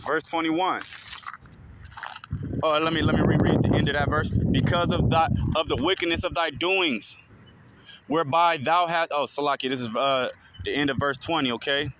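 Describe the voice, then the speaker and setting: A man's voice: a little high, fairly even intonation, background noise. A man reading scripture aloud and explaining it in a casual teaching style, checking in with "okay?" after almost every line. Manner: reads verses slowly, then explains with a constant "okay?". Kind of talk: informal scripture reading and commentary.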